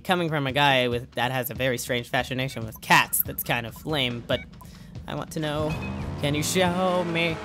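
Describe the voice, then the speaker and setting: A goofy young man with a slightly high voice chatters through his video game run, cracking jokes and answering himself in mock banter. Music plays clearly behind him. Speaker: gaming YouTuber. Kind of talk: let's play commentary.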